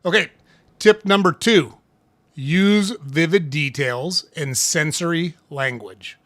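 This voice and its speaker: A man hosting a casual tips talk, speaking conversationally, often checking in with "right?" and clearing his throat now and then. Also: a little high, takes it slowly, fairly bright tone, dry recording, studio quality. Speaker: host.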